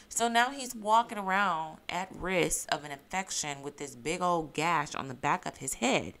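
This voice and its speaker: A woman's voice: fairly low pitch, normal speed, few pauses, fairly bright tone. A woman giving emphatic reality TV recap commentary, repeating her points and asking her viewers questions. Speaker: YouTube commentator.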